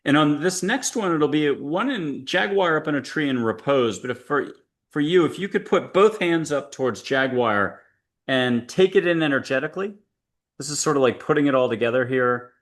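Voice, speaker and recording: A man hosting a spiritual interview show, calmly and gently guiding his guest through an exercise. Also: on the high side, normal speed. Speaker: podcast host.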